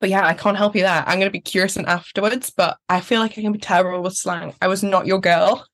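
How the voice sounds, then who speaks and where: A woman's voice: mid-range voice, fairly even intonation, quick pace, fairly bright tone. A young woman from Newcastle with a mild Geordie accent, a guest chatting in a friendly way and laughing easily. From Newcastle, England. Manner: friendly, laughs easily, acts out quoted voices. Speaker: pageant finalist guest. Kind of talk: casual interview chat.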